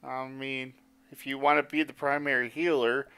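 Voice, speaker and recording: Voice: medium pitch, flat delivery, moderate pace, gravelly, bright, forceful tone, clear, resonant tone. A tabletop player chatting casually and somewhat hesitantly, hedging their points and thanking a stream follower. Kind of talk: casual game table chat.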